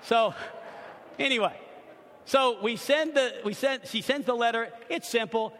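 A middle-aged male pastor preaching a sermon and telling a personal story, swinging from loud emphatic bursts to hushed narration, with humorous asides and repeated words as he builds a point. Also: very high voice, measured pace, pauses often. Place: church sanctuary. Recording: long reverb of a church hall.

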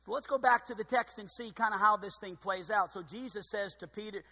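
A man preaching a sermon as pastor, expressive and dryly sarcastic, with loud emphatic bursts and quiet asides. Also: high voice, brisk, breathy edge, in a large hall.

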